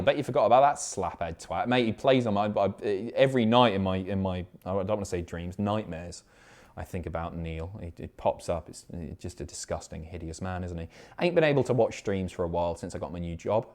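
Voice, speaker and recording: A man in his thirties hosts a live stream, chatting casually and reading out viewer messages. His voice swings widely up and down as he jokes and swears through the banter. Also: fairly low pitch. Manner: animated, sweary, banter-filled.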